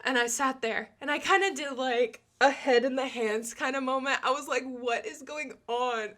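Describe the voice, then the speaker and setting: A young woman telling a casual storytime anecdote to her audience, chatty and quick to laugh, filling her talk with "like". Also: high voice, a bit bright. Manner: chatty, peppered with "like", laughs often. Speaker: storytime vlogger.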